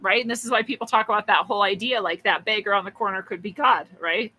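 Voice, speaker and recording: A woman's voice: medium pitch, fast, bright, forceful tone, slightly rough, rough recording. A woman hosting a podcast, musing through a spiritual story in a chatty way, with frequent laughs and restarts. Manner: acts out quoted voices. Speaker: podcast host.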